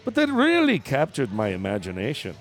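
A man putting on a Scottish accent to voice a young male beekeeper in a halting, self-conscious way. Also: medium pitch, huge pitch swings, soft background music. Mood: earnest. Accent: attempted Scottish.

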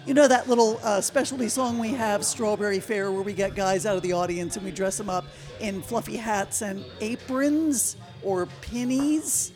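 A woman telling a workplace anecdote in casual chat, animated and quick to laugh. Her pitch is mid-range. Music plays clearly behind her. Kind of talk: casual storytelling.

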